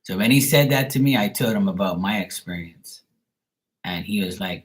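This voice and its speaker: A man's voice: low voice, fairly quick. A man hosting a tarot livestream, chatting casually with viewers in a rambling, profane storytelling way.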